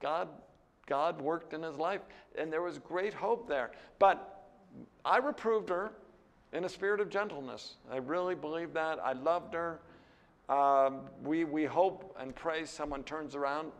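An older American man, a seminary teacher, gives a classroom Bible lecture in a large hall, speaking in an unhurried, candid and conversational way. He's lively, his voice jumping higher when he gets animated, and he often checks in with "right?" and "you know".

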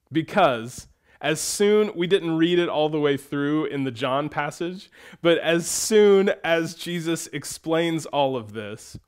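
A man preaching to his congregation. His voice sits a little high for a man. He reads scripture with measured slowness, then shifts into an easy, conversational manner with playful asides. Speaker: pastor. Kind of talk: sermon. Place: church sanctuary.

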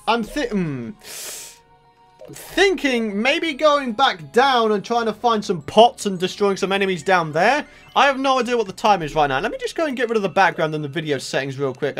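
A young man giving let's play commentary, excitable and exasperated, ranting with sudden outbursts. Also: high voice. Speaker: gaming channel host.

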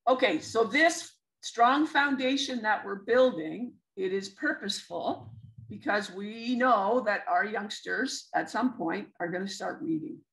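A woman's voice: mid-range voice, lively intonation, a little slow, gravelly, a bit bright, rough recording. Canadian woman presenting a webinar. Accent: Canadian English. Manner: explanatory, many fillers and restarts. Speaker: literacy educator presenting a webinar.

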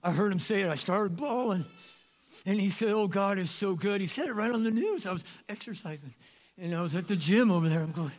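A man preaching a sermon as pastor of a church, animated and joking, with sudden loud bursts. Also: high-pitched, a little fast. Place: church sanctuary.

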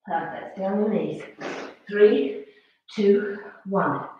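A woman fitness instructor coaching a workout class with brisk, encouraging commands and counts. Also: mid-range voice. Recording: very echoey, distant, dull-sounding room recording.

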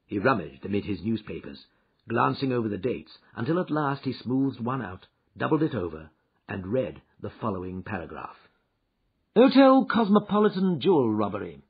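A man reading a story aloud as narrator, in a measured storytelling delivery, in a dull, muffled recording. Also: on the low side, lively intonation, husky. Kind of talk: scripted narration.

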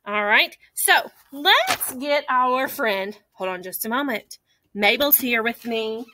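A woman's voice: a little high, animated, sharp tone, a little hiss or hum. A young woman teaching an online phonics lesson to small children, cheerful and encouraging. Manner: cheerful, encouraging, speaks slowly to little kids. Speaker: kindergarten teacher.

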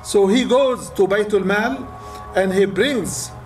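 A man's voice: sits high, slow pace, a little mellow, faint music behind. A man, an imam, preaching a sermon with impassioned storytelling, retelling old accounts. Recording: distant mic with faint room noise.

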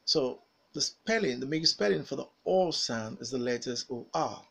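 A man teaching phonics, saying single words and sentences slowly and carefully for learners to repeat. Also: mid-range voice, animated, creaky, a bit bright, husky, low-quality recording. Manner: slow, carefully enunciated single words with pauses for repetition. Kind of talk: pronunciation drill lesson.

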